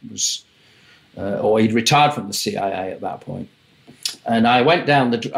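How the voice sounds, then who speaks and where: Older man, wry raconteur, interview guest, mimics voices. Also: lowish voice. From England. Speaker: music manager and guest. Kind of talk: anecdotal interview storytelling.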